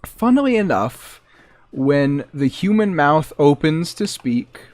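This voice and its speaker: A man commentating his own gameplay for a live audience, his voice sitting a little high for a man. He talks slowly and rambles, teasing himself and his viewers in a self-mocking tone. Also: sing-song, darkish tone. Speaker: game streamer.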